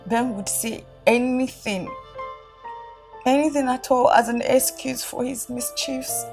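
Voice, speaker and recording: A weary, crying young wife speaks in a high voice, slow and halting. She stumbles over her words and repeats herself as she pours out her troubles in this film drama. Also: steady tone, creaky, a little mellow, soft background music. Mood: tearful, weary.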